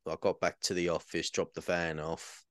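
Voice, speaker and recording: A man chatting about his workday on a podcast, relaxed and sweary, quoting people as he goes. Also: deep voice, moderate pace, no echo, studio quality. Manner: laid-back, sweary, quotes people in little voices. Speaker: podcast co-host. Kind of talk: casual chat.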